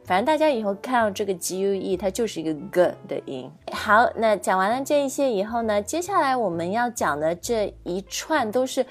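A woman's voice: mid-range voice, big pitch swings, a little fast, hardly any pauses. A woman co-hosts a bilingual podcast lesson. She explains pronunciation patiently and keeps checking that listeners follow. Faint music sits under her voice. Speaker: English pronunciation teacher, co-host.

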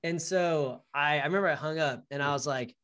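Young man, slightly high voice, animated storyteller, casual podcast chat. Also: brisk. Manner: animated storytelling, acts out quoted dialogue. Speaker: podcast co-host.

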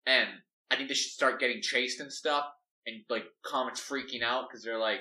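A man's voice: medium pitch, steady tone, moderate pace, bright, forceful tone. A man talking through a story plan casually, rambling and filling gaps with "like". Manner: rambling, full of "like". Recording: echoey room, mic at a distance.

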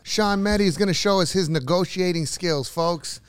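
A man's voice: high voice, moderate pace, crowd noise. A man hosting a casual podcast, hyped up, swearing freely and pushing listeners to follow. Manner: profane, hyped, self-promoting. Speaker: podcast host and real estate mentor.

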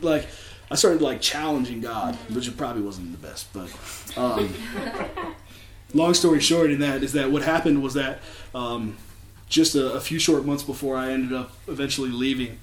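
A man telling a personal faith story to a church crowd, earnest and often laughing, going quiet when emotional. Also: mid-range voice, moderate pace, roomy sound. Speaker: church speaker. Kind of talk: personal testimony.

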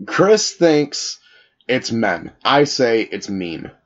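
Husky, foul-mouthed podcast co-host man. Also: medium pitch, big pitch swings, very slow, highs cut off. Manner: crude, swearing storyteller who laughs at his own jokes. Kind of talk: casual crude banter.

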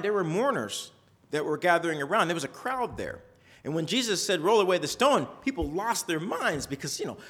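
Storytelling male preacher. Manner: conversational storytelling with lively pitch swings. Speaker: pastor. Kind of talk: sermon.

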